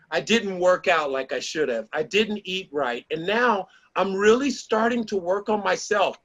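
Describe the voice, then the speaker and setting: A middle-aged man with a notably high, bright voice gives a motivational talk to a small group. He tells animated stories and acts out the lines he quotes, though the recording quality is low.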